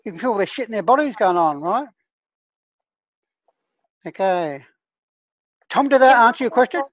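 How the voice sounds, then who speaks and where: A woman's voice: on the high side, expressive, moderate pace, no echo, dull audio. A woman who trains healers, leading an online discussion group in a casual, earnest teaching tone and often checking in with her listeners.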